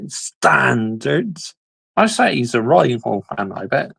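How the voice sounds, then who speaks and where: Gravelly, animated football host. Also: male voice, medium pitch, takes it slowly, dry recording, low-quality recording. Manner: animated, exclaiming, laughs often. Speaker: YouTube football channel host. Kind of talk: casual reaction commentary.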